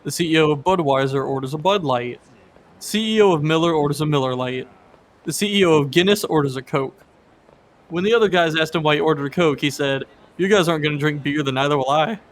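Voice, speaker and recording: A man's voice: fairly high pitch, fast, slight background noise. A man co-hosting a game stream in casual chat, telling corny jokes. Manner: joking, tells groan-worthy punchline jokes. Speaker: guest co-streamer.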